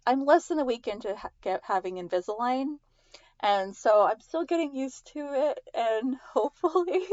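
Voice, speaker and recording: A woman's voice: mid-range voice, no echo, muffled recording. A woman hosting a podcast in a casual, rambling way, with a slight lisp. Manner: chatty, rambling with restarts and small laughs. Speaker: podcast host.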